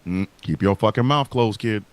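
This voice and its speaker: A man's voice: lowish voice, moderate pace, dry recording. A man hosting a live podcast, ranting and taunting in a profane, comedic trash-talk. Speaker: podcast host.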